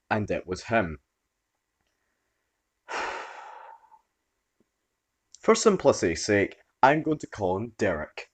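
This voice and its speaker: Expressive low-voiced male narrator. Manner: expressive storytelling read. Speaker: story narrator. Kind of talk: scripted narration.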